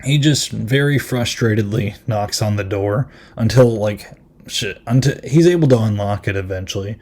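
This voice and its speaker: A man's voice: fairly low pitch, normal speed, a little mellow. A man hosting a podcast and reviewing a film in casual chat, rambling and amused, with lots of ums and likes.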